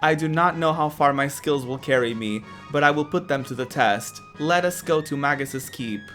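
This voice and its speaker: A woman's voice: low-pitched, normal speed, fairly bright tone, soft background music. A woman reading the lines of a young male knight who speaks in formal, old-fashioned phrasing. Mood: solemn.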